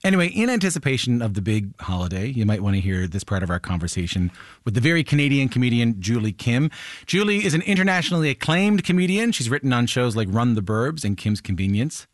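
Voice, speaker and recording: A man's voice: mid-range voice, fast, no echo. Radio host guy, friendly, voice jumps around a lot, close dry mic. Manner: friendly, animated, asks short follow-ups. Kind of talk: radio interview and scripted intro. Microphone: studio microphone.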